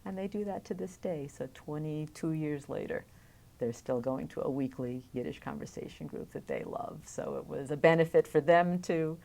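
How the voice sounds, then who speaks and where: Middle-aged woman, low voice, wry reflective storyteller, oral history interviewee. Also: normal speed, gravelly, darkish tone.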